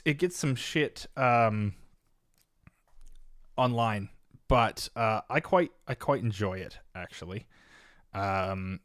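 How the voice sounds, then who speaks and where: A man's voice: on the low side, a little slow, dry recording, studio quality. Rambling young man streaming chess. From Canada. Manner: rambling, swings from mumbling to loud exasperated outbursts. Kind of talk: casual live-stream chat.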